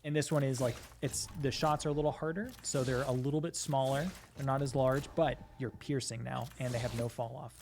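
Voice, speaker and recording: A man casually explaining game mechanics in a relaxed way, using lots of filler words. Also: mid-range voice, a little fast, hardly any pauses, a little hiss or hum. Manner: relaxed, explains with many likes and rights.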